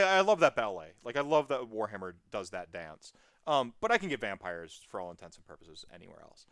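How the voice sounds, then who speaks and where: Podcast guest, casual chat, rambling, animated, mid pitch, dry close mic. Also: no room sound. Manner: rambling, animated, full of tangents and fillers.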